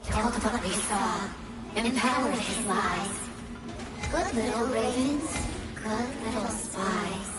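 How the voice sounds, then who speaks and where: A woman voicing an eerie raven spirit in a slow, haunting, singsong chant, in a video game. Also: mid-range voice, lightly acted. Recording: game audio over loud music.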